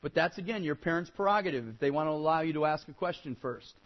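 A man teaching a children's Bible lesson, emphatic and repetitive in how he admonishes, and animated when he acts out whiny kid replies. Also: a little high, quick pace, dull audio.

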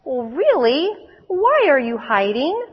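A woman voicing a kind, wise female cat in a storybook read-aloud, speaking gently and reassuringly. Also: high voice, very animated, slow, long reverb tail, muffled recording, voice pushed up, exaggerated voice. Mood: curious.

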